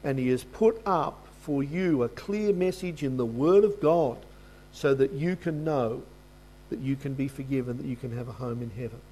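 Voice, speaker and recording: A man's voice: mid-range voice, normal speed, dark tone. A preacher telling a story in his sermon, acting out both sides of a conversation with a dying man, then reading and explaining Scripture. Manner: anecdotal, acts out both sides of a dialogue.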